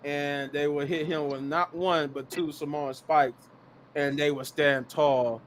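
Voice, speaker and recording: Animated laughing man recapping. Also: a little high, a little slow, noisy background. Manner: animated storyteller, laughs easily. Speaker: podcast co-host. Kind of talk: casual wrestling recap.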